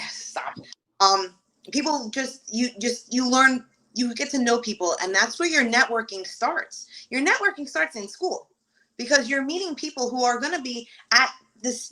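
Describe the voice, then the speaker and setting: A woman talks through her work as a real estate agent. She tells her stories in an animated way, with exasperated asides, and her pitch sits in the middle range for a woman. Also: rough recording. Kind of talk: casual interview talk.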